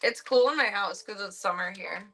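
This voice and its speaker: A woman's voice: mid-range voice, moderate pace, sharp tone, a little hiss or hum. A woman streamer chatting casually at home, fussing over her pet in doting, playful baby talk and laughing often.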